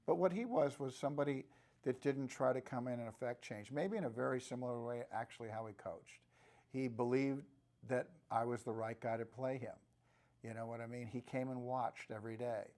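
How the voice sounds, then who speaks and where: An older man in his sixties speaking as an actor in an interview. He answers in a relaxed, thoughtful way at a mid-range pitch and often restarts his sentences. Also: a little fast. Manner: relaxed, reflective, with frequent restarts. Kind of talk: press junket interview.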